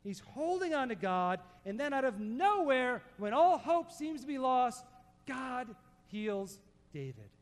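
A man preaching a sermon, emphatic, dropping to soft low tones to stress a point. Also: big pitch swings, a little slow, in a large hall. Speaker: pastor.

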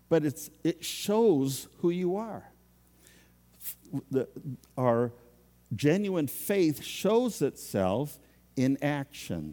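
A male pastor delivers a sermon in a slow, mellow voice, his pitch rising and falling with lively expression. He talks conversationally and pokes fun at himself. His words ring out with the long reverb of a large hall. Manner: conversational, self-deprecating preaching.

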